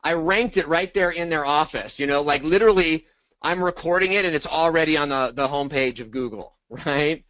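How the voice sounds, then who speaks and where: Brief: middle-aged man, high voice, dry close sound, animated coaching. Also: a little fast, no room sound, rough recording. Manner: animated, acts out sample dialogue. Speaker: co-host of a marketing training. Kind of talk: casual coaching talk.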